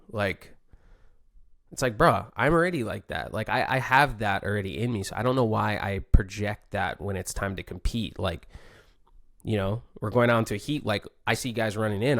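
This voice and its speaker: Laid-back surfer man, gravelly low voice. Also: a bit bright, no room sound, clean studio sound. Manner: laid-back surfer slang, many fillers. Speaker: pro surfer podcaster. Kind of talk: casual reflective monologue.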